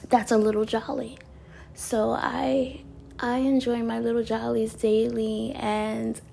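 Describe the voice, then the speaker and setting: A woman chatting casually with viewers as a wellness vlogger, bubbly and laughing often, sometimes dropping to soft breathy asides. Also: a little high, slight background noise. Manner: bubbly, laughs often while telling stories.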